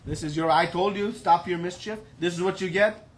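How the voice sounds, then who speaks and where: A man voicing a boastful, mighty elder brother in a loud, blustering, scolding voice. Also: high voice, brisk, slight background noise, close to an everyday voice.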